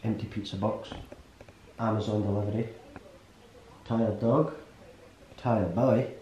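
A man's voice: fairly low pitch, steady tone, slow, dark tone, lo-fi sound. A young Scottish man chatting casually at home in a dry, jokey way. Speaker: vlogger's fiancé. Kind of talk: casual chat. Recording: roomy echo, faint noise.

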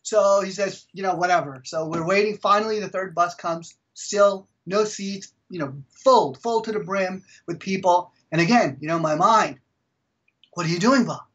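A middle-aged man from India, a guest author telling stories in an interview with lively energy. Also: sits high, moderate pace, hardly any pauses, distant mic, lo-fi sound. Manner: energetic, animated storyteller. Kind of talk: storytelling in an interview.

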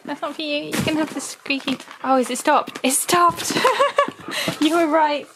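A woman's voice: high voice, fairly even intonation, brisk, noisy background. A woman chatting casually as she opens fan mail at home and coos at her dog in a sing-song voice. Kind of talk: casual chat.

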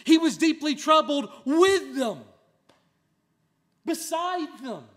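A male pastor preaching a sermon in an earnest way, dropping to a hush and then rising to loud emphasis. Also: extremely high pitch, expressive, slow pace.

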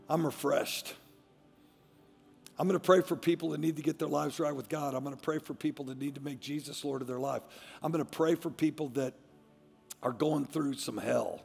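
A middle-aged pastor with a gravelly, slightly high voice preaches a fiery sermon, dropping to near-whispers and then rising to shouts. His words ring out with the long reverb of a large church, and faint music plays underneath. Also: steady tone, normal speed.

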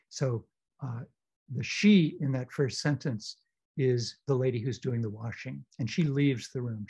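A male professor who lectures hesitantly and stops often on fillers, then reads passages aloud at a steady, measured pace. His voice is dark and slightly husky. The sound is dull and lo-fi, as on a video call. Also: medium pitch. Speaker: discussion leader, professor.

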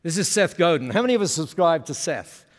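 A man giving a lively business seminar talk, often asking the audience questions. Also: on the high side, brisk. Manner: energetic, asks the audience questions. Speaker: keynote speaker. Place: conference hall. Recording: long hall reverb.

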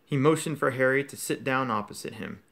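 Guy doing an audiobook read of a novel, expressive storyteller. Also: medium pitch, brisk, vocal fry. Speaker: audiobook reader. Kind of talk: reading a novel aloud.

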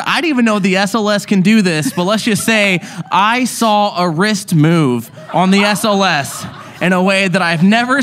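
A man co-hosting a live paranormal show, telling a story in a lively way, laughing and checking in with the crowd. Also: high voice, a little hiss or hum. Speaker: paranormal investigator podcast co-host.

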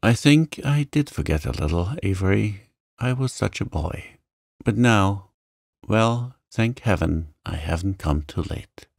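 A man's voice: deep voice, lively intonation, a little slow, vocal fry, no echo, studio quality, heavily acted. A man voicing an earnest young suitor who speaks reproachfully and tenderly.

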